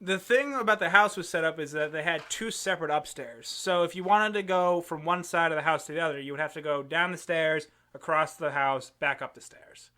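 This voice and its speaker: Young man, podcast host, casual storytelling, high voice, bright tone, laughs often. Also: fairly quick, few pauses. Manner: animated, laughs often while telling stories.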